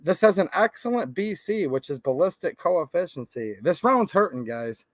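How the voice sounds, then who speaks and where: A man's voice: on the high side, sing-song, moderate pace, no room sound. A man hosting a gun channel, venting and chatting casually with lots of "like", in his thirties. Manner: rambling, laid-back, lots of "like".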